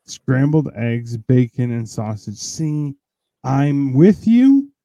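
A man hosting a podcast in a rambling, profane, excitable casual chat while high. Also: slow pace, dry recording. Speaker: podcast host.

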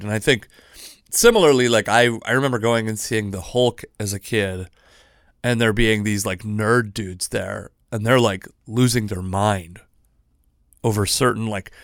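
A man's voice: on the low side, creaky, no room sound, studio quality. A man in his thirties hosting a casual solo podcast, rambling with lots of restarts and self-deprecating asides. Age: 30s. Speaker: podcast host.

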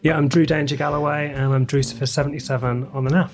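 A man's voice: on the high side, fairly even intonation, fast talker, faint music behind. A man from England, a podcast guest, teasing with dry wit in casual chat.

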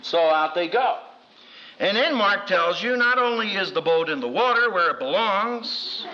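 A man's voice: unhurried, lo-fi sound. A man, a seminary professor, teaching from the Bible with wry humor, acting out quotes with big swings in his voice. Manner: animated storyteller who acts out quotes with big pitch jumps. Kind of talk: lively Bible teaching to an audience.

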